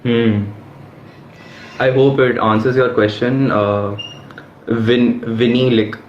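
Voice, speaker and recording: A man's voice: mid-range voice, fairly even intonation, takes it slowly. A man hosting a live session, politely reading out audience questions to his guest. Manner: polite, addresses guest as sir. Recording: roomy lo-fi live stream with faint noise.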